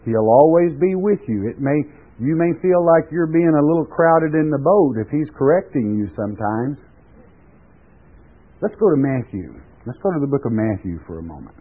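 A man's voice: a little high, expressive, moderate pace. Folksy older man preaching over radio. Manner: folksy storytelling, chuckles often. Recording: tinny phone-like radio broadcast.

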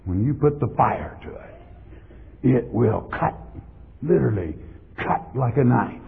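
A man's voice: medium pitch, animated, slow pace, vocal fry, long pauses, slightly rough. A man preaching a sermon as pastor, emphatic and repeating words for stress, on a tinny, lo-fi recording. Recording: tinny lo-fi sound in a reverberant hall.

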